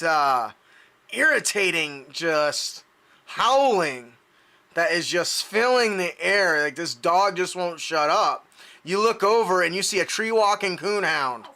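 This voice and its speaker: A man's voice: high voice, pushed and bright. A man narrating a tabletop game as game master, loose and laughing, with plenty of fillers.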